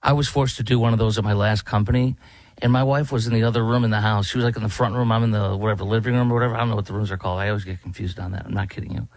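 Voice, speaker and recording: A man's voice: on the low side, fairly even intonation, racing, darkish tone, no room sound. A man hosting a political talk show, sarcastic and rambling with many restarts. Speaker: host.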